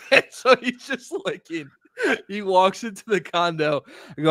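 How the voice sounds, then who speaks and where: A man's voice: sits high, big pitch swings, unhurried, bright, forceful tone, no echo, studio quality. A man co-hosting a casual podcast, telling family stories and laughing through them. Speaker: podcast co-host. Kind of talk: casual storytelling chat.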